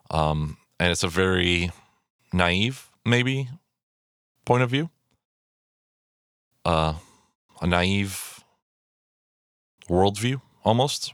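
A man with a deep, low voice rambles through a film breakdown in a loose, casual way. He swears freely and trips over fillers and restarts. The recording is dry and close, with no room sound. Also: slow pace, pauses often, a bit bright, dry recording. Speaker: film commentator.

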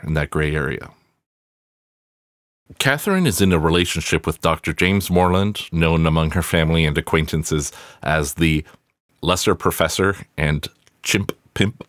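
A man's voice: low-pitched, animated, normal speed, fairly bright tone, no echo, clean studio sound. A man hosting a podcast alone, reviewing a movie in a casual, profane, wry way, full of rambling asides. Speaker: podcast host.

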